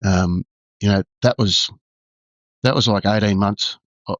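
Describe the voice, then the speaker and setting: Low-voiced Australian man, halting storyteller. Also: no room sound, dull audio. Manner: halting, full of "you know" and restarts. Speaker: guest, former undercover detective. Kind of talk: candid storytelling.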